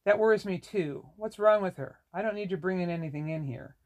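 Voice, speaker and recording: A reader voicing a rude, sneering middle-aged woman who runs an inn, raised in pitch. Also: normal speed, close to an everyday voice. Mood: curt. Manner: curt, scornful.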